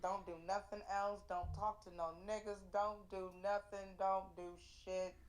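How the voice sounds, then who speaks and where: A woman's voice: mid-range voice, little pitch movement, normal speed, soft background music. A woman in her early twenties, an interview guest, telling a story in a blunt, profane, emphatic way. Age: 20s.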